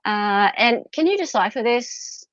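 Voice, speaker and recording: A woman's voice: fairly high pitch, expressive, a bit bright, no echo, muffled recording. Chatty Australian woman co-host. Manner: chatty, laughs often, halting restarts. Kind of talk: casual live-stream chat.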